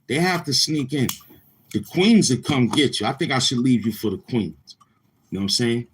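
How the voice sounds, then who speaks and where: A man's voice: mid-range voice, normal speed, a little hiss or hum. A man hosting a livestream, chatting casually with viewers in a boastful, crude, repetitive manner. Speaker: livestream host.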